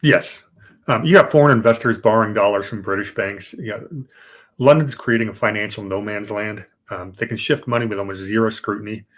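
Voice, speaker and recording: A man's voice: fairly low pitch, brisk, a bit bright. A man co-hosting a podcast, explaining banking history casually, with fillers and restarts. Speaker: podcast co-host.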